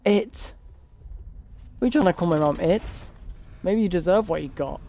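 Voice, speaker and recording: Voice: mid-range voice, normal speed, mellow. Jumpy let's play gamer. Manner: jumpy, talks to game characters, startled shrieks. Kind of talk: horror game commentary.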